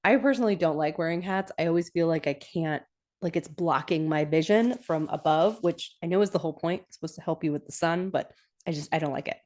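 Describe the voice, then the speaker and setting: A young woman hosts a casual podcast, recapping a TV episode in an easygoing, chatty way. She giggles often and gets animated, lifting her voice when she acts out lines. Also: low voice, fairly quick.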